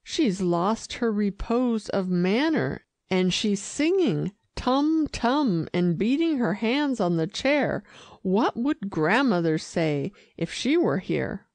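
A prim, fussy male dog, voiced by a woman reading aloud, faltering with disapproval in a slow, gravelly voice. Dry, close recording. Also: medium pitch, sing-song, a little mellow, no echo. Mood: disapproving. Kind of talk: audiobook reading.

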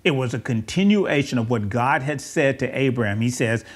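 A man preaching a conversational sermon, rambling and correcting himself, with asides and soft chuckles. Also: medium pitch, moderate pace, slightly rough.

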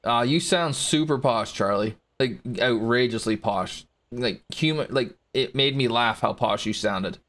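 A man's voice: mid-range voice, measured pace, hardly any pauses, fairly bright tone. A man casually commentating his golf video game play, reacting to shots and talking to viewers in chat. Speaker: gaming streamer.

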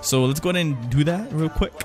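A man's voice: on the high side, animated, fast talker, a little mellow, soft background music. A young man hosting a gaming channel, giving casual, slangy gameplay commentary and correcting himself often. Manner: slangy, hyped, self-correcting gamer talk.

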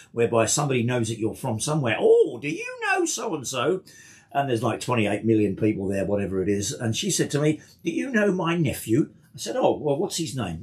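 Chatty English-accented male radio DJ. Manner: chatty storytelling, lively pitch. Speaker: radio presenter. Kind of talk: radio DJ chat between songs. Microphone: studio microphone.

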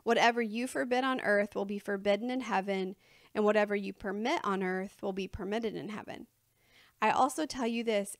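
Chatty woman preacher, slightly high voice. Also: no echo, studio quality. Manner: chatty and informal, laughing between points. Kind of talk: conversational sermon. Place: church sanctuary before a congregation.

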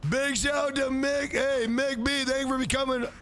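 A man's voice: very high-pitched, level tone, normal speed, fairly bright tone, slight background noise. A man around forty, streaming a game live, hyping up and thanking his chat in a casual, profane way. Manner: hyped, profane, reads out viewer names.

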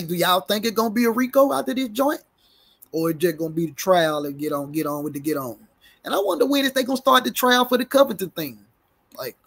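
A man's voice: sits high, fairly bright tone, breathy edge. A man giving casual, slangy commentary, stumbling over big words as he reads a report aloud and jokes with his viewers. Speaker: reaction commentator.

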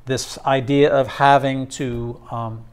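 A male instructor giving a classroom lecture, talking haltingly with many fillers and restarts. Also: medium pitch, level tone, smooth.

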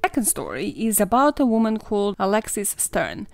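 A woman's voice: mid-range voice, sing-song, normal speed, vocal fry, no echo. A young woman hosting a true crime podcast, sarcastic and swearing freely, laughing at her own jokes. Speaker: podcast host.

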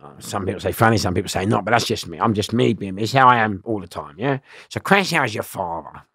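A middle-aged man, telling prison stories loudly in an interview. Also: fairly low pitch, quick pace, breathy edge, dry recording, clean studio sound. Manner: loud, lively, laughing storyteller. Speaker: interview guest. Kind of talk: storytelling in an interview.

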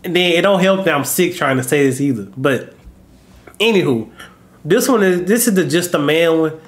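A man hosts a reaction video while sick, coughing between his words. He rambles in a loose, casual way, calling his viewers y'all. His speaking voice sits a little high. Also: moderate pace. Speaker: YouTube reaction host.

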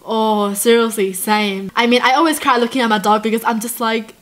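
A woman's voice: fairly high pitch, fairly quick, few pauses, fairly bright tone. A woman hosting a casual reaction video, bubbly and giggly, with playful mock outrage. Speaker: YouTube reaction host.

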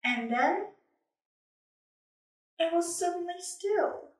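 A woman reading a children's picture book aloud in an expressive, animated way. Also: very high voice, slow, recorded from a distance. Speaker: storybook reader. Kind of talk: children's story read-aloud. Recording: echoey room, away from mic.

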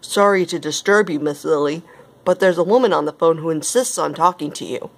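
A woman's voice: sits low, fairly quick. A woman voicing a polite, deferential male office assistant in a read-aloud storybook.

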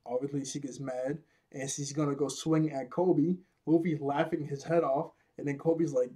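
A man's voice: fairly high pitch, fairly even intonation, moderate pace, hardly any pauses, warm tone, slightly rough. A young man casually recapping an anime episode, rambling, laughing often and restarting his sentences. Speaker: anime reviewer.

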